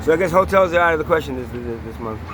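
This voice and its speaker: A man vlogging about his own troubles, swinging from halting talk into an angry, profane rant full of rhetorical questions. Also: on the high side, noisy background. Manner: halting with many restarts when calm. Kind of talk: personal video diary and rant.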